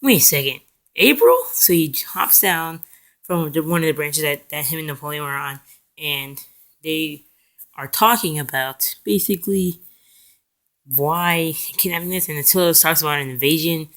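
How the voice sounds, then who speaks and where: His voice is fairly high, steady, and fairly bright as this young man gives a casual recap of a cartoon episode. He meanders, leans on fillers, fixes his own wording, and briefly performs the characters' lines in quick voices.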